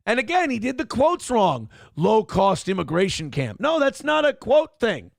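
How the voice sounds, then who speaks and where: A man's voice: very high voice, sing-song, moderate pace, gravelly, dry recording, studio quality. A man hosting a morning show, mocking a clip in a sarcastic, profane rant. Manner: sarcastic, ranting, swears freely. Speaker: show host reacting to clips.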